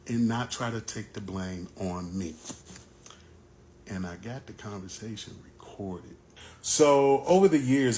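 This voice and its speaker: A man's voice: fairly low pitch, a little hiss or hum. A father casually telling a personal story to camera, conversational and getting heated at times. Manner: conversational, gets heated and loud when retelling the argument.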